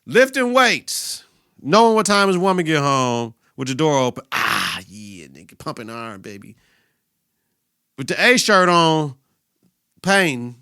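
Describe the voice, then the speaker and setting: A man hosts a reaction podcast, swearing freely and retelling scenes with mock outrage. His voice sits a bit high and sounds bright and forceful. It is recorded dry and close, with faint music underneath. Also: unhurried, clean tone, no echo. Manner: profane, animated retelling with laughter and mock outrage. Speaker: podcast host.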